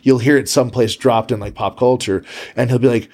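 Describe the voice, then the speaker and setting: A man's voice: medium pitch, fairly even intonation, brisk, a little mellow. A man hosting a podcast in casual chat, telling stories in a rambling, profane way full of restarts, in a room at home. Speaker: podcast host.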